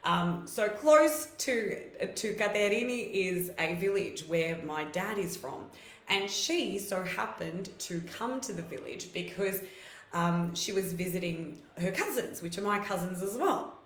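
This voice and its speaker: A middle-aged woman from Greece, hosting a casual live chat and telling stories in a chatty, animated way with many fillers. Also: lowish voice, reverberant. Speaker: host.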